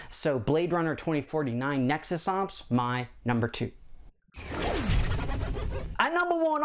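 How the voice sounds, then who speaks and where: Upbeat middle-aged male board game host. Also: a little high. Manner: enthusiastic, rambling, upbeat. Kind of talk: casual countdown chat to camera.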